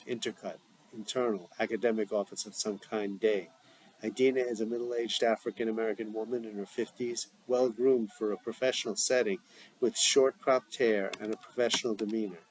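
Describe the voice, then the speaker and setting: Man reading a script aloud with stage directions; plain, deliberate, even. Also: lowish voice, husky, poor audio. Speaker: script reader.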